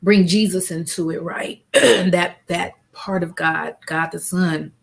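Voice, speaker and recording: Earnest lower-voiced woman host, preachy repeats. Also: fairly even intonation, slow, vocal fry, breathy edge. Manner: earnest, repeats key lines like rhetorical preaching. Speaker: host and grief counselor. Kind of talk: faith-based live interview chat. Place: at home with family around. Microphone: video call.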